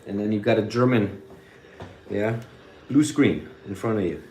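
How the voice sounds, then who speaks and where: Man, vlogger; loose, rambling and sweary, dark relaxed timbre, roomy echo. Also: fairly low pitch, normal speed, a little hiss or hum. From United States. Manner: rambling, sweary, drops German phrases. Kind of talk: casual rambling monologue. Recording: echoey room.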